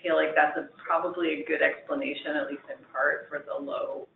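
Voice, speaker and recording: Guy with a high voice going over survey numbers, agreeable, echoey room over a phone-like line. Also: level tone, a little fast, vocal fry, a little hiss or hum. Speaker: presenter of survey data. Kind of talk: meeting discussion.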